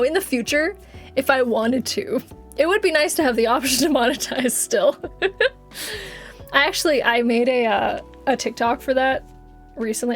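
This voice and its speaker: Giggly chatty young woman streamer. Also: high voice. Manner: giggly, chatty, swears casually. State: has covid. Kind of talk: casual live-stream chat. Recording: faint music behind.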